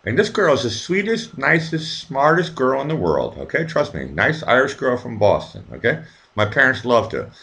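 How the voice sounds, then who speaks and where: A man's voice: on the low side, bright, forceful tone. A man hosting a casual livestream, rambling through a personal story with many restarts and repeated words. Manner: swears casually. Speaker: livestream host.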